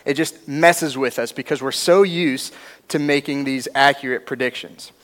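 A man's voice: medium pitch, normal speed, fairly bright tone. A young man telling a story in a casual youth sermon, chatty and informal, often tagging his sentences with "right?". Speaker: youth pastor.

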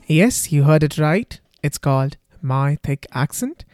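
A man with an Indian accent giving a scripted introduction to his podcast as its host, in a steady, rehearsed delivery. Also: a little high, a little slow. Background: faint guitar music.

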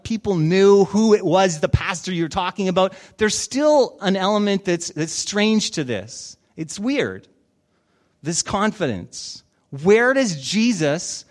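A male pastor delivering a sermon with a high, light voice. He tells the stories in an animated way and slips into the voices of the characters. He preaches in a church. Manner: animated storytelling with acted-out voices.

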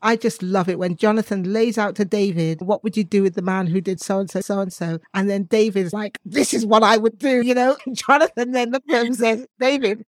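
A woman co-hosting a faith podcast in casual chat, lively and often laughing, who breaks into animated asides. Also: medium pitch, fairly quick, hardly any pauses, dry recording, clean studio sound. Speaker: podcast co-host.

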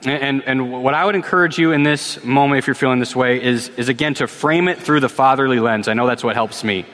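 A man, a pastor in his thirties, preaching and answering questions in a relaxed, conversational way, often repeating a word as he starts a sentence. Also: mid-range voice, brisk. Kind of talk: sermon with Q&A. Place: church sanctuary. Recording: long reverb of a church hall.

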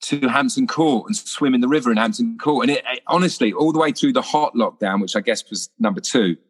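Animated actor, casual guest, spins anecdotes with acted-out voices. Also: male voice, medium pitch, brisk. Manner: lively storyteller, acts out voices.

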